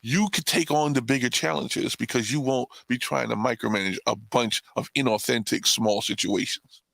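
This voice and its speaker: A man co-hosting a podcast who talks through ideas in a thoughtful, relaxed way and laughs along. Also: mid-range voice, moderate pace, creaky, no echo. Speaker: podcast co-host. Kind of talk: casual reflective chat.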